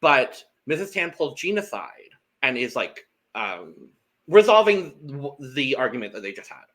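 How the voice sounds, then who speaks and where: Guy on a podcast gushing over reality tv, super lively voice, bright and sharp, acts out all the quotes. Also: medium pitch, unhurried. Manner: animated, acts out quotes from the show. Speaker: podcast co-host. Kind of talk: casual reality-TV recap chat.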